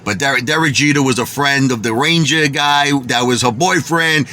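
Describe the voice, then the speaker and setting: At a normal speed and in a mid-range voice, a vlogger from Bensonhurst tells an animated, boastful story. His accent is Brooklyn New York, his talk is street slang, and he swears he isn't lying.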